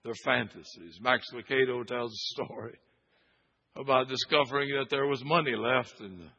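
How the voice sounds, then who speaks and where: A male pastor preaching a sermon, swinging between loud exhortation and hushed repetition. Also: mid-range voice, moderate pace, breathy edge. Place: church sanctuary. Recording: dull, echoey church sound.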